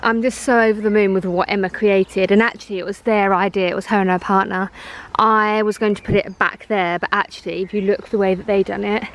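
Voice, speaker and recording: A young woman, chatting casually in a vlog, gushing and excitable at times, quieter and subdued at others. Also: medium pitch, fairly quick, few pauses, low-quality recording. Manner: gushing, breathy and excitable, then hushed and subdued. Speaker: vlogger.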